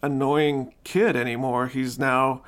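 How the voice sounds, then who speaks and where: A podcast host in casual chat, animated, acting out quotes in excited voices. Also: male voice, medium pitch, slow.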